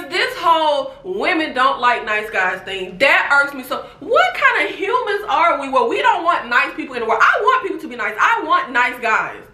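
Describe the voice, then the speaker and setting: Sassy woman host, high lively voice, TV recap vlog in an echoey room. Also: takes it slowly. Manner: animated, sassy, laughs often. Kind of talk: casual review chat.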